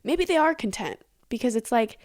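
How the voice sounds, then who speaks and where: A woman's voice: on the high side, expressive, moderate pace. A woman in her late teens hosting a casual solo podcast, talking in a candid, rambling way with lots of swearing and "like". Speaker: podcast host.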